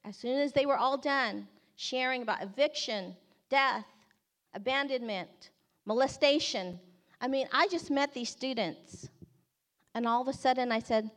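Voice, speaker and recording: A woman's voice: high voice, unhurried. Earnest woman telling a faith story. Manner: earnest, expressive storyteller who acts out quotes. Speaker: campus ministry worker. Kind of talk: storytelling testimony talk.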